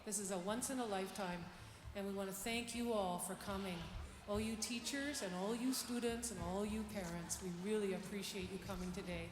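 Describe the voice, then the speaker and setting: A woman's voice: medium pitch, a little fast, noisy background. A woman co-hosting a concert, leading the audience in a call-and-response chant and thanking them from the stage. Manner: upbeat, leads the crowd, shouts out cues. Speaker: concert co-host and singer. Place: large concert auditorium. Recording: echoey hall with loud crowd and band.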